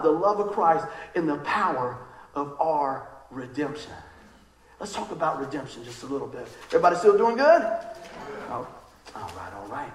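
Lively high-voiced preacher in an echoey church. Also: male voice. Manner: lively, conversational preaching with acted-out quotes. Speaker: pastor. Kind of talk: sermon. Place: church sanctuary.

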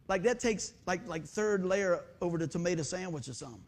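A man preaching a sermon as pastor, energetic, with loud bursts and quiet asides. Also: high-pitched, normal speed.

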